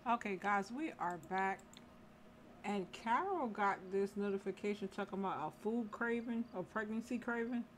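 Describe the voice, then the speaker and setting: A woman's voice: medium pitch, normal speed, slight background noise. A woman casually commentating a life-simulation game, scolding the characters in exasperation. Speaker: gameplay commentator. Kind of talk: casual let's-play commentary.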